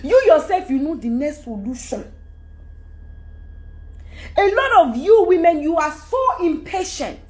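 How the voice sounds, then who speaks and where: Emphatic Nigerian woman, lively high voice. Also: measured pace, long pauses. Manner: emphatic, rambling, switches into Yoruba. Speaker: celebrity speaking to followers. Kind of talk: candid monologue.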